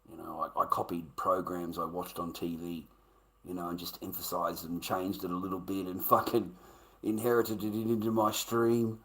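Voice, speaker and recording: A lowish, forceful male voice with a broad Australian accent. He rambles through casual stories as a livestreamer, swearing freely and calling everyone mate. The tone stays bright and pushy even when he talks quietly. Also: moderate pace, rough recording. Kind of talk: casual storytelling chat.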